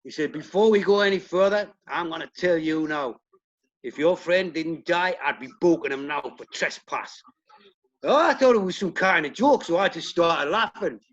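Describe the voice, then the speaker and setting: A man's voice: a little high, moderate pace. Swearing man, muffled sound. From United Kingdom. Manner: blunt, swears heavily, tells stories acting out quotes. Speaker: punk band singer, guest. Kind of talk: casual interview.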